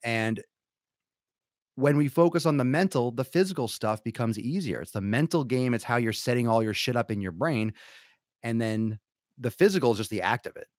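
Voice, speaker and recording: A man hosting a live fitness podcast, loud, crude and hyped like a showman. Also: mid-range voice, lively intonation, normal speed, dry recording, studio quality. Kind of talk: live-streamed casual podcast.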